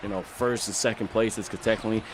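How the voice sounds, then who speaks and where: A man's voice: on the low side, steady tone, fast talker, noisy background. A man commentating an esports basketball game, walking through plays and the tournament format. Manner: flowing, explanatory play-by-play with asides.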